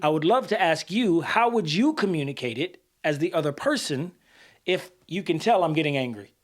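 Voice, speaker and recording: Animated man co-hosting a podcast, higher voice. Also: moderate pace. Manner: animated, swears freely, acts out heated examples. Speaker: podcast co-host. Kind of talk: casual conversational podcast talk.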